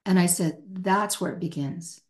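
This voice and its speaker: A woman's voice: lowish voice, moderate pace, a little mellow. A middle-aged woman, a hostage negotiator as podcast guest, answering passionately and acting out quoted speech. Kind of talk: emphatic podcast interview answer.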